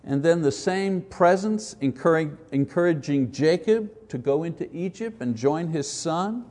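A man gives an informal Bible lesson in a warm, mellow voice that sits slightly high for a man. He talks conversationally, often restarting his sentences and asking rhetorical questions. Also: lively intonation, unhurried. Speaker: Bible teacher.

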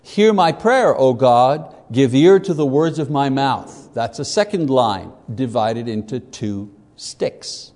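A man teaching a class on poetry, unhurried, with many fillers and joking asides. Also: medium pitch, expressive, a little mellow, in a large hall. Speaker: Bible teacher. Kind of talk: classroom lecture.

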